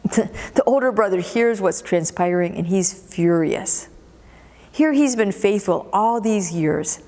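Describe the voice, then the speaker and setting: Speaking at an unhurried pace, a woman pastor gives an expressive, story-driven sermon and often doubles words to build her point. Her pitch sits in an ordinary middle range for a woman, and the church sanctuary adds a long reverb.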